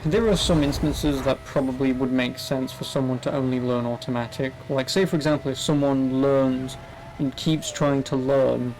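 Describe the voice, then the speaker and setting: A young man talks his way through a racing game stream in a loose, rambling way, cursing now and then. His voice sits at an ordinary middle pitch. Faint engine noise hums underneath. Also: a little mellow. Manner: rambling, chatty, swears casually. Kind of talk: casual gameplay commentary.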